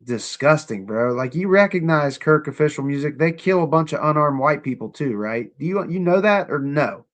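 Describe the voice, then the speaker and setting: A man's voice: on the high side, lively intonation, moderate pace, few pauses. A young man hosting a casual livestream, sarcastic and profane, talking straight to his chat. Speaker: livestream host.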